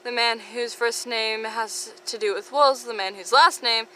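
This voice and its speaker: A woman voicing a smug teenage schoolboy prankster who lists things rapidly and sarcastically. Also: fairly high pitch, bright, forceful tone, slight background noise. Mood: sarcastic. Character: smug teenage boy prankster, mock-oblivious.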